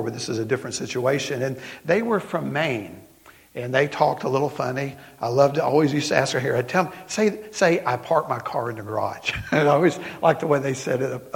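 A middle-aged man with a Southern accent, preaching a sermon as pastor in folksy storytelling style, slowing down for emphasis. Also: medium pitch, creaky. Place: church sanctuary. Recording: long hall reverb.

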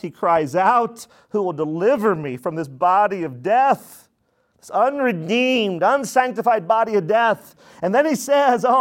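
A man preaching with a lively, swooping delivery, his somewhat high voice leaping up for emphasis and dropping low for asides. He talks to the congregation in a folksy way and acts out short bits of dialogue in quick put-on voices. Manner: animated, shifts between loud bursts and low asides, puts on quick voices. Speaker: pastor. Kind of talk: sermon.

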